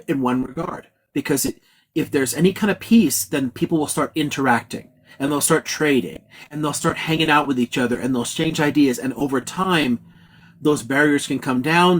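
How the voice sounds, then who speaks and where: A man's voice: medium pitch, breathy edge. A man hosting a casual live-stream discussion, talking bluntly and swearing freely. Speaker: host.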